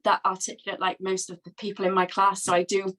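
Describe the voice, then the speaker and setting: A woman with a Welsh accent, a trainee therapist speaking in a workshop discussion, nervous and heartfelt with halting restarts, on a video call. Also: mid-range voice, completely flat delivery, fairly bright tone, rough recording. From Wales. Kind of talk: casual discussion.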